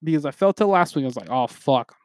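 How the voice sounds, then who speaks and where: A young man hosting a podcast, ranting in a profane, animated, rambling way. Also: on the high side, very fast, no room sound, clean studio sound. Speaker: podcast host. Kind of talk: casual ranting monologue.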